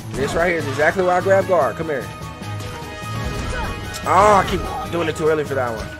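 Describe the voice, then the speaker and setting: A young man in his twenties chatting over his own gameplay, excitable and prone to repeating himself. His voice sits mid-range, with game music playing clearly behind him. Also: on the high side, a little fast. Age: 20s. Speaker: let's play host. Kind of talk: casual gaming commentary.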